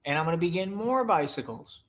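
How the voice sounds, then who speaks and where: Man, boastful, taunting, slightly high voice. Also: sing-song, fast talker, a bit bright. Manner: boastful, taunting, repeats "right?". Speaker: streamer in a reacted clip. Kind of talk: boastful rant to viewers.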